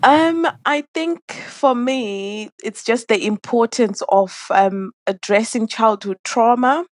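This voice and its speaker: A woman guest on a podcast, talking in a casual, hesitant way with many pauses. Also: a little high, no room sound. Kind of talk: casual interview chat.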